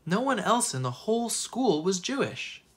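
An expressive teacher reads a children's storybook aloud, with pitch that rises and falls freely. The voice has a husky, slightly breathy texture. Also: moderate pace. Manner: expressive, lively narration.

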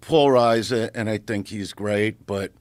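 A man's voice: fairly low pitch, unhurried, no room sound. A middle-aged man, telling a rowdy showbiz story in a casual podcast chat. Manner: animated, profane, acts out voices in anecdotes. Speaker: guest comedian. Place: podcast studio.

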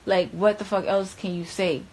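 A young woman tells her story in a casual, rambling way, dropping profanity and fillers constantly. Her voice sits at an ordinary pitch for a woman. She swings from loud, animated bursts to low, hushed stretches. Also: normal speed, breathy edge, rough recording. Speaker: interviewee recounting events.

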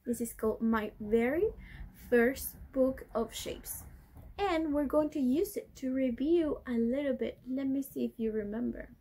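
A woman's voice: high voice, measured pace, dark tone, breathy edge. A woman teaching a video class to young children, drawing out key words in a sing-song way for them to repeat. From Chile.

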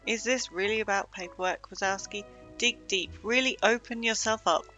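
A woman's voice: mid-range voice, moderate pace, bright, forceful tone, faint music behind, lightly acted. Roz, a stern office boss, put on by a woman. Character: stern older female office boss, dry and demanding. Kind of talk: reading game dialogue aloud.

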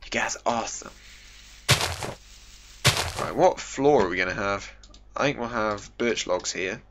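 A man's voice: fairly low pitch, measured pace, noisy background. A young British man hosting a casual game commentary video, chatty and self-mocking, full of jokey asides. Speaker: gaming video host. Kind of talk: casual let's-play commentary.

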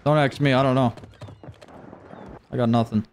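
A man streaming live gameplay, joking around, swearing casually and breaking into whooping shouts. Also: medium pitch, steady tone, normal speed, slight background noise. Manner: swears casually, talks to chat. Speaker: gaming streamer.

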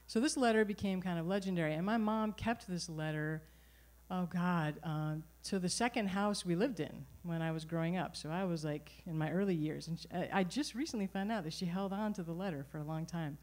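A middle-aged woman telling a personal story live at a venue, animated and wry. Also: on the low side, a little fast. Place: performance venue.

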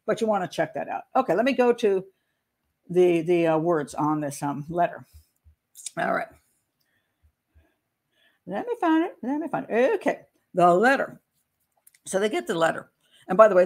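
A woman with a mid-range voice hosts a casual commentary show as a criminal profiler. She rambles and pokes fun at herself, often stopping to search out loud for her notes.

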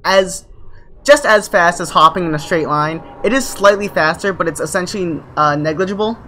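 A woman's voice: lowish voice, moderate pace, fairly bright tone, a little hiss or hum. A woman giving live speedrun commentary in a casual, joking, filler-laden way.

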